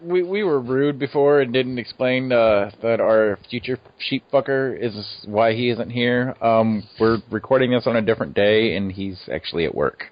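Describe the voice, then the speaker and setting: A man's voice: mid-range voice, moderate pace, few pauses. A man hosting a podcast in casual chat, jokey and playful. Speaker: podcast host. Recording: muffled dry podcast audio.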